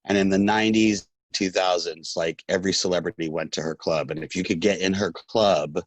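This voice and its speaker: Very deep-voiced man, dry close sound. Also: fairly even intonation, fairly quick, no echo. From Los Angeles. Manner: campy and joking, tells stories with mimicry. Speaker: podcast co-host. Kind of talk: casual chat.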